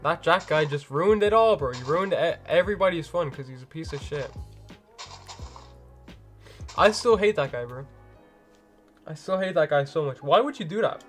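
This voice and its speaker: Rambling man streamer, slightly high voice. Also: lively intonation, moderate pace, long pauses, a bit bright, faint music behind. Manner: rambling, filler-heavy slang talk. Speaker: livestream host. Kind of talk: casual chat with viewers. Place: at home.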